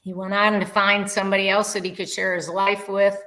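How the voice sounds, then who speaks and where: A woman's voice: mid-range voice, flat delivery, fairly quick, a bit bright, poor audio. An older woman, a podcast guest, telling a heartfelt story in an earnest, rambling way with many fillers. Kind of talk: casual conversational storytelling.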